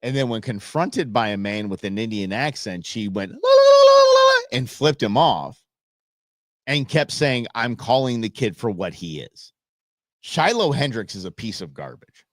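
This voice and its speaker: A man's voice: lowish voice, animated, normal speed, no room sound, studio quality. A man hosting a live stream, reacting bluntly to a TV clip and rambling with frequent restarts.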